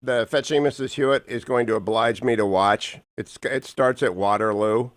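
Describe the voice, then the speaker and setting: A man's voice: medium pitch, steady tone, moderate pace, no room sound, studio quality. A man hosting a radio talk show, bantering in a jovial, teasing way with a guest. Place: radio studio.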